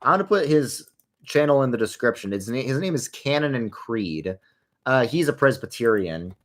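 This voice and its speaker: A man's voice: mid-range voice, animated, normal speed. Chatty young man streaming while gaming. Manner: rambling, chatty, drifting into wry sarcastic asides. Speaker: livestream host answering viewer questions. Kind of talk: casual livestream chat while playing a game.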